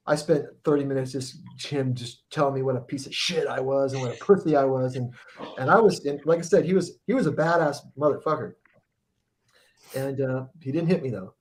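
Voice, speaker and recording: A man's voice: mid-range voice, darkish tone. A middle-aged man telling a long, profane story in a casual podcast chat, rambling and restarting his sentences often. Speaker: guest musician telling a tour story.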